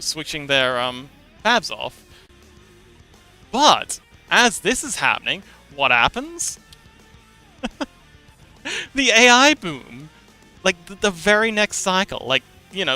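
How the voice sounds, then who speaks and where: A man's voice: fairly high pitch, sharp tone. A man livestreaming, explaining something in a rambling, casual way, repeating words and laughing now and then.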